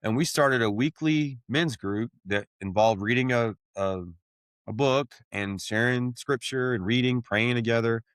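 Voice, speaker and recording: A man's voice: medium pitch, a little slow, a bit bright, smooth, no echo, studio quality. A man telling his own story on a podcast, candid and blunt, swearing casually and calling people "man.". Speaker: podcast host sharing his testimony.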